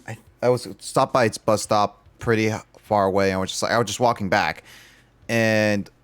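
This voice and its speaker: A man's voice: fairly low pitch, fairly even intonation, normal speed, a bit bright, no echo. A young man streaming a game, rambling through his play and telling a long story with many fillers and restarts. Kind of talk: casual gameplay commentary and storytelling.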